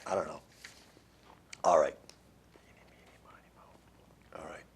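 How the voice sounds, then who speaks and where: A man's voice: very deep voice, steady tone, slow, husky. A man hosting a radio show, reading odd news stories and making wry jokes about them, laughing at his own lines. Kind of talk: casual comedic news commentary.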